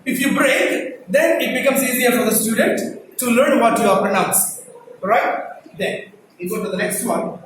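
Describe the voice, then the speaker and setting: Man, Telugu English accent, Telugu native, classroom lecture, emphatic drilling, very high voice, heavy room echo, distant mic. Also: normal speed, fairly bright tone. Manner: emphatic, repeats and drills single sounds. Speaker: English teacher trainer. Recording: echoey room, distant mic, faint noise.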